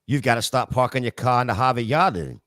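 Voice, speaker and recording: A man's voice: mid-range voice, fast, fairly bright tone, dry recording, studio quality. A man chatting casually on a podcast call, hesitant, repeating himself and trailing off.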